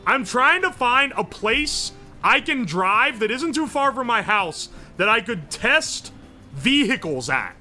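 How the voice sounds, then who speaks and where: Loud, high, bright-voiced young man streaming. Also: big pitch swings, slow pace, faint music behind. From West Virginia. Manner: loud, profane, joking, yells a lot. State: sore throat from streaming. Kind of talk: casual livestream chat reading chat.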